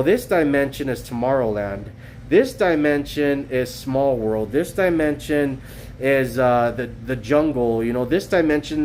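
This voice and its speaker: A man's voice: mid-range voice, darkish tone, slight background noise. Rambling earnest male streamer. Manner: earnest, repetitive, many fillers and restarts. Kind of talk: rambling livestream monologue. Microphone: cell phone.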